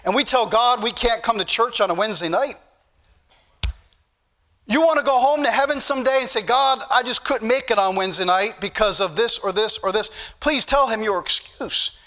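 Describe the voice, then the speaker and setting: A man's voice: high voice, pushed and bright. A male preacher, exhorting a congregation in a sermon and repeating scripture references with emphatic bursts.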